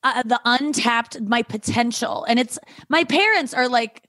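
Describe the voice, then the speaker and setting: A woman's voice: a little high, a little slow, pushed and bright, no room sound, studio quality. Rambling, self-critical woman comedian. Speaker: comedian guest. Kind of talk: casual podcast chat.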